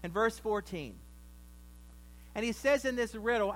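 A man's voice: high-pitched, lively intonation, a little slow, rough recording. A man preaching a sermon, retelling a story conversationally with wry asides.

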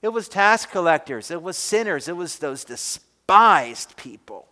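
A man's voice: on the high side, very animated, measured pace, bright, forceful tone, in a large hall. A man preaching a sermon, emphatic, asking his listeners questions. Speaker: pastor.

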